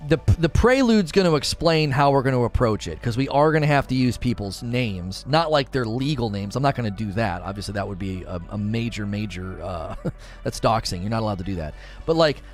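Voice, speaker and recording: A man in his thirties chatting casually on a live stream as the streamer, rambling with many fillers and restarts. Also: medium pitch.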